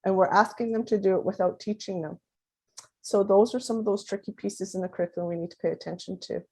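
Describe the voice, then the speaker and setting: A woman in her fifties giving a conference talk as a parent advocate, animated and acting out quoted dialogue as she explains. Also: medium pitch, fast, slightly rough. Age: 50s.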